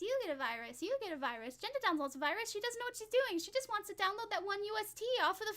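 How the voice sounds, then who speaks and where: A young woman chats casually with her stream viewers, rambling from one thing to the next and making fun of herself between giggles. Her voice sits high. Its tone is bright and sharp. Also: expressive, quick pace, few pauses. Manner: giggly, rambling, self-mocking. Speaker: vtuber streamer.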